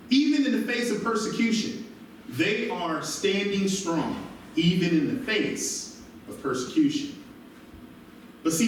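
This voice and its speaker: A male pastor preaching an animated sermon, recorded from a distance in a church. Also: high-pitched, a little hiss or hum. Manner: animated preaching with call-and-response asides. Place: church sanctuary. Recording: very echoey church from far off.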